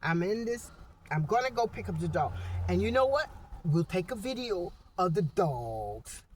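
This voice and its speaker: A woman's voice: lowish voice, very animated, moderate pace, a little hiss or hum. A woman venting in a rambling, heated vlog monologue from inside a small parked truck, recorded on a phone. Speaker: vlogger.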